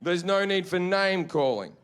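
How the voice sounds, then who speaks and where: A man's voice: high-pitched, lively intonation, a little slow, fairly bright tone, clear, resonant tone. A man voicing an elderly female flight attendant who scolds in a stern, officious way. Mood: scolding.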